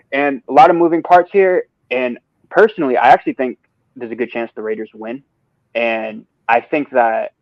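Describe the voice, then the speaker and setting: A man's voice: mid-range voice, dry recording. Profane ranting man on a dull line. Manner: ranting, profane, apologetic asides. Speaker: podcast co-host giving betting picks. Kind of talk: casual sports betting talk. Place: a different place than usual.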